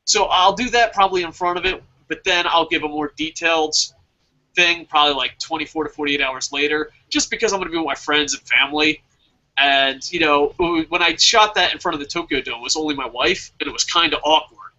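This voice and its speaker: Man, host, casual chat, rambling, profane, laughs often, high voice. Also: brisk, bright, forceful tone, dull audio. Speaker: wrestling show host.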